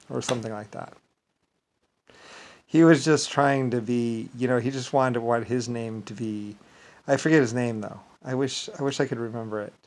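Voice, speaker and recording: A man telling a story in a rambling casual monologue, full of halting restarts and repeated filler words. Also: mid-range voice, a little mellow, low-quality recording.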